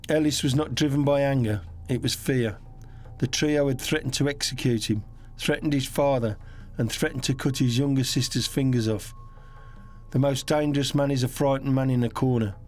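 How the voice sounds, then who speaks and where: A man's voice: mid-range voice, fairly even intonation, normal speed, darkish tone. Grave male documentary narrator.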